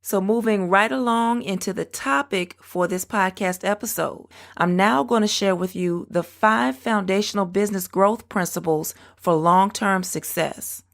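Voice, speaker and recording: A woman hosting her own business podcast, explaining things step by step and spelling out web addresses slowly. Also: mid-range voice, vocal fry. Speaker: podcast host. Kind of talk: solo business podcast talk.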